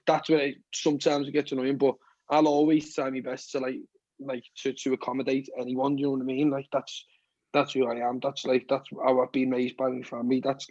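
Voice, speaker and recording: A man's voice: mid-range voice, a little mellow, no echo. Scouse musician in his twenties, podcast guest, loose rambling chat, swears freely, dull lo-fi sound. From Liverpool, England. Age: 20s. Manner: rambling, keeps saying "you know what I mean", swears often. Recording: dull, dry lo-fi podcast audio.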